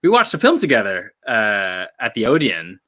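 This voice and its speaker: Filipino-born male host, lively pitch, bright animated delivery, casual chat. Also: moderate pace. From Philippines. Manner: animated, laughs often.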